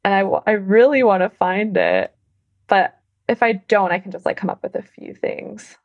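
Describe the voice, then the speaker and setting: A woman's voice: mid-range voice, moderate pace, gravelly, dry recording, muffled recording. Bubbly young woman climber, giggly. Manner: bubbly, laughs often, many fillers. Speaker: professional climber, guest. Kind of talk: casual podcast interview.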